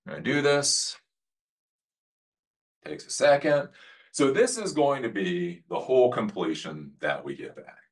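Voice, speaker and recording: A man teaching a casual coding lesson, talking bluntly and rambling, with loud emphasis and mumbled asides. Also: medium pitch, animated, unhurried, pauses often. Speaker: coding instructor.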